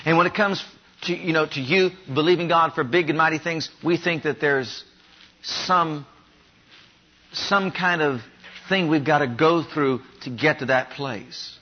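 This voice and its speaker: A man's voice: fairly high pitch, a little slow. A man preaching a sermon, pressing his congregation with emphatic, repeated rhetorical questions. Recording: dull lo-fi sermon recording.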